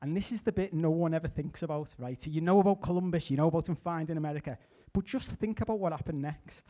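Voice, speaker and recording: A middle-aged man performing a stand-up comedy set, chatty with deadpan asides and small restarts. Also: on the high side, fast. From England.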